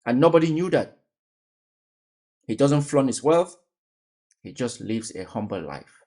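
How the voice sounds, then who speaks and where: A man's voice: medium pitch, expressive, measured pace, mellow. A man giving casual reaction commentary, emphatic and fond of repeated rhetorical questions.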